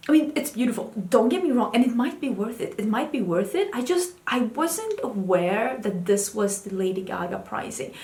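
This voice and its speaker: A woman's voice: lively intonation, moderate pace, few pauses, mellow, reverberant. A woman beauty vlogger talking casually and candidly about new makeup releases. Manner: chatty, candid, talks to her cat in a high baby voice. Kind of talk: casual chat.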